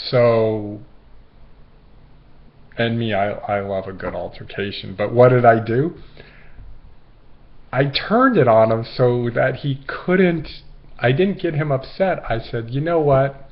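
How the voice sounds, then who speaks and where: A man's voice: mid-range voice, dull audio. Rambling, self-amused male host. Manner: rambling, laughs at his own stories, acts out quotes. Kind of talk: casual monologue with anecdotes.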